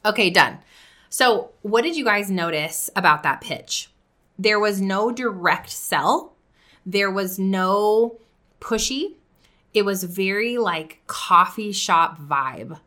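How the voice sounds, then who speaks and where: A woman podcast coach teaching in an upbeat, chatty way and shifting her tone to demonstrate pitches. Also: lively intonation, takes it slowly, sharp tone. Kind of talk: teaching video with example pitches.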